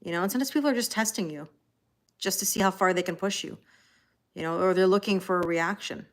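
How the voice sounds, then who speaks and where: A woman's voice: mid-range voice, fast talker. Chatty Canadian woman on a livestream. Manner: chatty and reassuring, talks straight to viewers with frequent "you know?". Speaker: tarot reader hosting a livestream. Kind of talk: casual live chat, reading out viewer comments.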